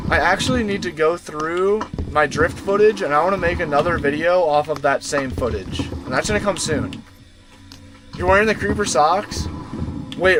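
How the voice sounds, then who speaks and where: A young man chatting casually and slangily on a long gaming livestream from inside a van, often cooing to his dog. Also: sits high. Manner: laid-back slangy, talks to his dog. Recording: music playing behind.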